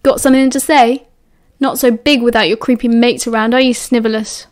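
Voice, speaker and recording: A woman with a British accent voicing an angry fourteen-year-old boy wizard who snaps and shouts. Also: a little high, fairly even intonation, fairly quick, close to an everyday voice. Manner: fierce, snapping and loud.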